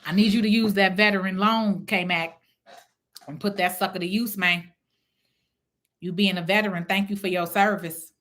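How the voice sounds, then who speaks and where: A woman's voice: mid-range voice, normal speed, long pauses. A middle-aged woman from Chicago hosting a casual livestream, talking bluntly and profanely as she answers viewer comments. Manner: blunt, profane, animated talk. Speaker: real estate investor hosting a livestream.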